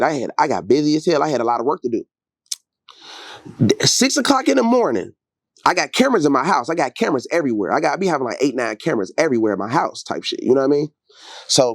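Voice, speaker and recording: A man as an interview guest, telling a story in slangy, animated talk and acting out quotes in high voices. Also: no echo. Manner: gets loud and heated late in the telling.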